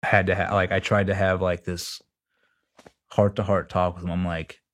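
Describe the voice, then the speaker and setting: A man's voice: sits low, flat delivery, normal speed. A man in his forties, a retired Navy chief, telling a story in a casual interview, blunt and profane, acting out what others said. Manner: blunt, profane retelling with quoted dialogue.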